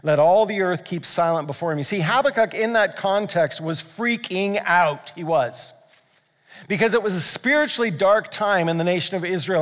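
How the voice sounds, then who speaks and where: Male pastor, high-pitched voice, earnest fervent sermon, long hall reverb. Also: fairly quick. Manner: earnest, rising to fervent emphasis.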